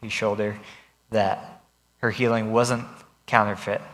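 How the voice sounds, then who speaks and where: A young man reading scripture and then preaching in a relaxed, conversational way, retelling the story in everyday speech. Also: fairly low pitch. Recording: long reverb of a hall.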